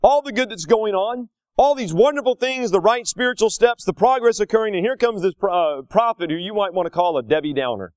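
A man's voice: high voice, lively intonation, fairly quick, few pauses, a little mellow, smooth, no echo, clean studio sound. A man preaching a sermon as a pastor, in a folksy storytelling way with acted asides.

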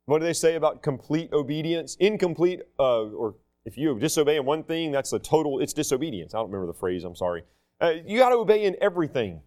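A man's voice: on the high side, big pitch swings, fast, darkish tone. A middle-aged man preaching a sermon in a conversational, self-deprecating way with humor.

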